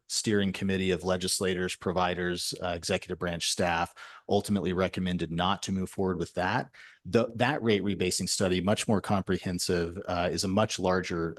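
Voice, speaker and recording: A man who directs a state health department, answering legislators' questions in formal committee testimony, measured and bureaucratic with frequent fillers. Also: low-pitched, no echo, studio quality.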